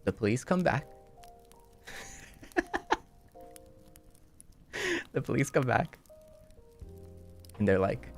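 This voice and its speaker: A man streamer telling a story in casual chat and acting out the quotes with animated delivery. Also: medium pitch, slow, creaky, long pauses, soft background music.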